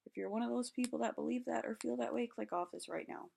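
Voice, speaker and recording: A woman's voice: on the high side, quick pace, vocal fry, background noise. A young woman speaking in a personal vlog, impassioned, her voice rising and falling as she talks. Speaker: vlogger. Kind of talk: passionate personal vlog monologue.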